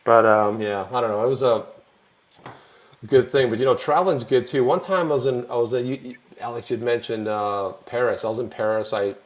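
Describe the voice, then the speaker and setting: A man's voice: medium pitch, brisk. American guy on a live show, chatty, rambles through his travel stories, does the voices. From United States. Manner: rambling, animated anecdotes with acted-out quotes. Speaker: show host. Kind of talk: casual storytelling chat. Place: home studio, online live show.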